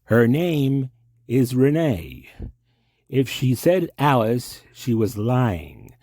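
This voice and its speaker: A man putting on a slow, hushed, eerie mystery man. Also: medium pitch, sing-song, dry recording, clean studio sound, pitched above the performer's own voice, heavily acted. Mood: menacing, hushed. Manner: slow, hushed, drawn-out delivery. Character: eerie soft-spoken mystery man from a film, older male, menacing.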